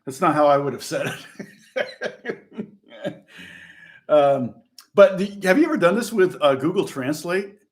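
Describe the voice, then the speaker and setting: A man's voice: on the high side, very animated, unhurried, pauses often. A middle-aged man from Indiana, a guitar teacher rambling through a casual lesson chat, chuckling and restarting often. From Indiana, USA.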